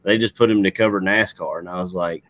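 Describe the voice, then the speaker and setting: Man, Southern US accent, lower voice, laid-back drawl, dry close sound. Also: steady tone, fast, a bit bright, dry recording. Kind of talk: casual sports chat.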